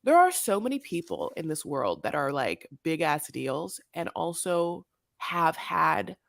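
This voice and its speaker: A woman's voice: sits low, very animated, measured pace, gravelly, no room sound, clean studio sound. A woman co-hosting a casual recap podcast, talking in a sassy way, swearing freely and calling people honey. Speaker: podcast co-host. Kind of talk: casual reality-TV recap chat.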